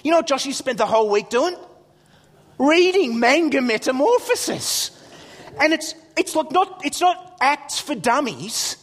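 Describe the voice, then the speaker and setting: A middle-aged man, a pastor telling funny stories in a sermon, animated and excitable with jokey asides. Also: extremely high pitch, unhurried, long reverb tail. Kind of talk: humorous storytelling sermon.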